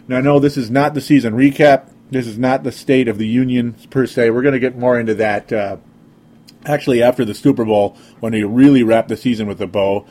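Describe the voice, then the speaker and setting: A man's voice: mid-range voice, fairly quick, darkish tone. Rambling sarcastic man hosting a podcast. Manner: rambling, sarcastic, frequent fillers. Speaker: sports podcast host. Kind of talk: casual sports podcast monologue.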